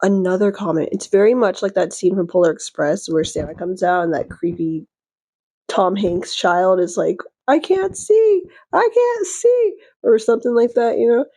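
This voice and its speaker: A woman vlogger telling a rambling, excitable storytime, full of fillers and little giggles. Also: on the low side, moderate pace, husky, shouting. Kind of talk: casual storytime chat.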